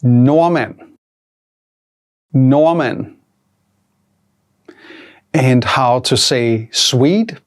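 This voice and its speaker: A language teacher running a vocabulary drill at an unhurried, careful pace. Each word is spoken clearly and then repeated for the learner, in a mid-range voice that is neither high nor low. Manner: slow, deliberate, repeats each Danish word twice.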